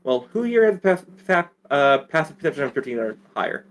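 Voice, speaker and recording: A man's voice: fairly high pitch, very animated, fast. A man narrating as dungeon master for a tabletop game, rambling with fillers.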